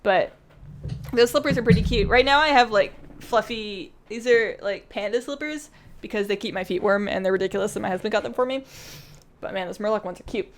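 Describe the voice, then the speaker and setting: A woman's voice: medium pitch, fairly quick, a little hiss or hum. A woman game streamer chatting casually during a live stream, reading chat aloud and laughing often.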